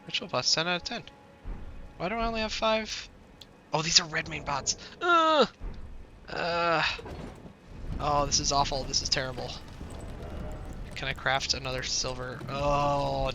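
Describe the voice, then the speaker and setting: A man's voice: mid-range voice, flat delivery, moderate pace, bright, forceful tone, slight background noise. A man giving casual gameplay commentary, grumbling and easily frustrated as things go wrong. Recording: game music behind voice.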